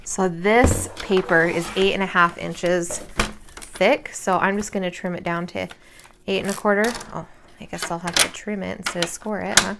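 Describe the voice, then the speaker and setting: A woman's voice: lowish voice, steady tone, moderate pace, vocal fry, background noise. A tired woman in her thirties chatting casually at home while she crafts, rambling with lots of fillers. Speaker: crafting vlogger and mother.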